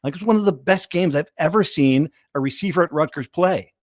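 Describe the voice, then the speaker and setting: A man's voice: a little high, a little fast, dry recording, studio quality. Rambling man hosting a sports podcast. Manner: rambling, self-deprecating, trails off. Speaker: podcast host. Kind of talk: casual sports podcast chat.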